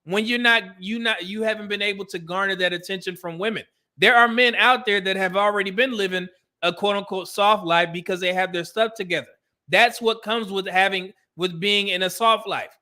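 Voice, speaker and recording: This livestream host's voice sits high and stays steady, coming across brisk, bright and forceful. He reacts to a video with blunt, exasperated commentary, addressing viewers as "brother."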